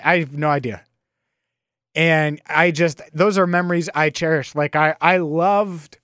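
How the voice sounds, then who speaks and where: A man hosting a solo sports podcast, telling stories in an animated, nostalgic, rambling way on a close microphone. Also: on the high side, no room sound. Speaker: podcast host.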